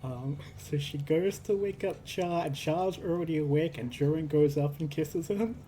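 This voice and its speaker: A man's voice: fairly high pitch, normal speed, dark tone, a little hiss or hum. A man casually recounting a tabletop game session, rambling with lots of fillers and restarts. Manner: rambling, filler-heavy, acts out characters. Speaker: streamer telling a tabletop game story. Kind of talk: casual storytelling.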